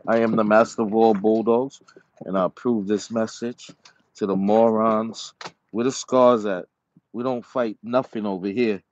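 A man ranting to the camera about his dogs, repeating insults in a slow, taunting manner. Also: on the low side, steady tone, a little mellow, no room sound. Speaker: dog breeder and channel owner. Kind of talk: angry rant to camera. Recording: dull lo-fi sound with faint noise.

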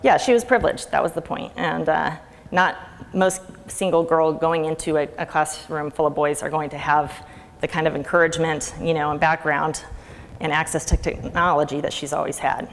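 Low, gravelly-voiced woman speaker. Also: fairly even intonation, normal speed. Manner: chatty, sarcastic, laughs often. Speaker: conference speaker. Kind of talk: conference talk. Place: lecture hall. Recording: reverberant hall with faint ambient noise.

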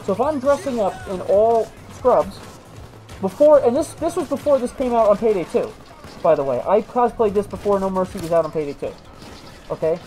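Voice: medium pitch, animated, normal speed, mellow, poor audio. A video game host chatting casually while playing, rambling through stories with many restarts. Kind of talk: casual let's-play commentary.

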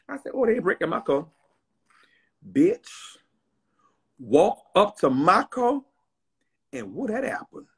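A man telling a dramatic story to his viewers in a loud, slangy rant that bursts into shouting. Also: high voice, husky.

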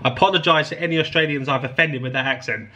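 An excited man talks his viewers through an unboxing in a casual, chatty way. His voice sits a little high and sounds bright and forward. A slight huskiness runs under it. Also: fast talker. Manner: enthusiastic, chatty, addresses viewers as guys. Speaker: host.

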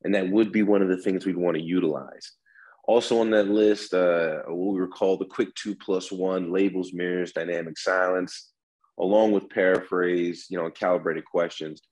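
A man's voice: sits low, fairly even intonation, normal speed, darkish tone, poor audio. A man, a negotiation instructor, giving explanatory interview answers, acting out example phrases with shifting inflection.

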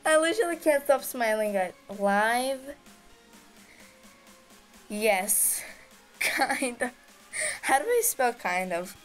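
A woman giving casual, excitable gameplay commentary as host of her gaming channel, giggling and squealing with delight. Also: fairly high pitch, drawn-out words, long pauses, soft background music.

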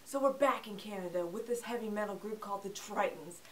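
A woman's voice: medium pitch, fairly quick, a little hiss or hum. A young adult woman hosting a casual film review, chatty and sarcastic. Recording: voice a bit distant from the mic.

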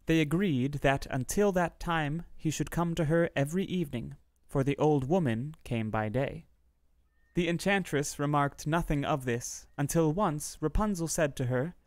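A man's voice: fairly high pitch, dry recording, studio quality. Man reading a fairy tale aloud. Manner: steady, measured storytelling. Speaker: narrator. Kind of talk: storybook reading.

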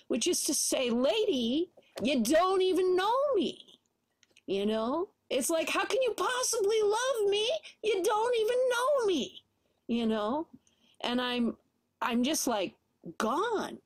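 Middle-aged woman, kinda high voice, telling her church story, lots of "you know", dry close mic. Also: no room sound. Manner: conversational, frequent "you know" fillers. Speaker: church speaker. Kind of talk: personal testimony.

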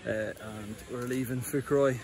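A man's voice: medium pitch, steady tone, normal speed, darkish tone, low-quality recording. A young Irish man chatting casually through a travel vlog, rambling with fillers and asides. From Ireland. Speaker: rower vlogging his trip. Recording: clear background noise.

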